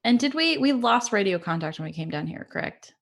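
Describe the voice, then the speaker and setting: A woman taking part in a tabletop role-playing game, quick to laugh and often checking rules with short questions. Her voice is mid-pitched but very lively, jumping up and down in pitch. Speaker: player. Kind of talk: casual tabletop game chat.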